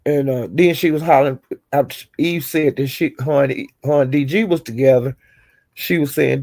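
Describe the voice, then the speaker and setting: Retelling online drama in a chatty gossip session, this woman streamer performs the quotes with chuckles. Her bass voice is dark with vocal fry, and she speaks at a moderate pace.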